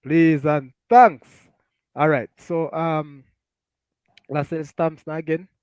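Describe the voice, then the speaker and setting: Jamaican male host, brighter voice, chatty, laughs a lot, dry sound. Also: a little high, slow pace, clear, resonant tone, no echo. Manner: laughs often, animated, Patois-flavored. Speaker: talk show host. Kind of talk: casual live-stream chat, reading comments.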